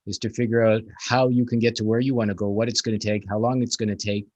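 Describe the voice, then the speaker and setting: A man with a somewhat low voice, recorded dry. He hosts a relaxed conversation and muses at length, filling his talk with "you know". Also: fast, no room sound, lo-fi sound. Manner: rambling, reflective, many "you know"s. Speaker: podcast host. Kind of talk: casual conversation.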